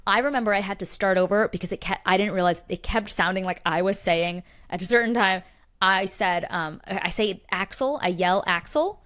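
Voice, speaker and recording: A woman's voice: medium pitch, brisk, a bit bright. A young adult woman co-hosting a podcast, telling stories in a casual chat with lots of fillers and restarts. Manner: chatty storyteller, many fillers and restarts. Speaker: podcast co-host.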